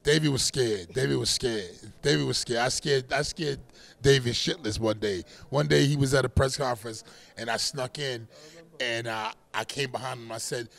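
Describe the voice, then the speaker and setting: A middle-aged man, a boxer, telling animated stories in a casual interview, laughing often and bursting into loud shouts. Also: mid-range voice, brisk, gravelly.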